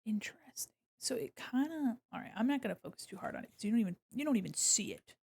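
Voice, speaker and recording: A woman's voice: a little high, expressive, fast talker, gravelly. Young woman muttering while she draws. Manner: mutters softly to herself while working. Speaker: streamer drawing live. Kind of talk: casual chat while drawing.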